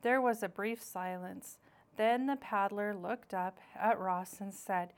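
A woman narrating a children's audiobook, reading clearly. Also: medium pitch, unhurried.

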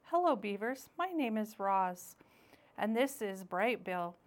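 A woman voicing a calm, polite female robot who cares for a gosling, speaking in a formal, precise way. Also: medium pitch, slow pace.

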